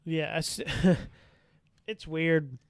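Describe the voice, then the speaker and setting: A man's voice: a little high, slow, clear, resonant tone, no room sound. A man casually telling stories on a podcast, profane and laughing as he acts out past encounters. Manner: profane, laughing, animated retelling. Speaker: podcast guest. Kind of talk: casual storytelling.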